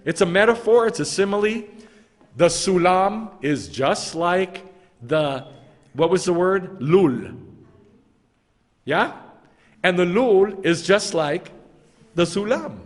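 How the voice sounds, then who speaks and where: A man delivers a sermon as a rabbi, his voice slightly high and swinging widely in pitch. He drives points home with repetition and rhetorical questions. The sound carries a long hall reverb. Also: expressive, slow, long pauses. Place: congregation sanctuary.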